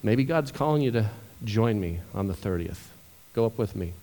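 A man preaching a sermon as pastor, moving from quiet storytelling to loud, emotional scripture reading. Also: on the low side, lively intonation, normal speed.

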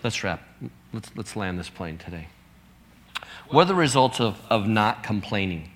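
A man's voice: lowish voice, lively intonation, moderate pace, a bit bright, slight background noise. A pastor in his fifties gives an earnest, conversational sermon, reading out scripture as he goes.

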